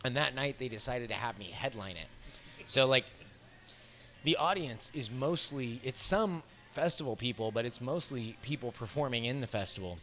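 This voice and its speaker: A man in his thirties with an American accent, a comedian telling a profane road story in an animated way, laughing often as he talks. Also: mid-range voice, normal speed. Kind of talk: storytelling interview. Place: bar.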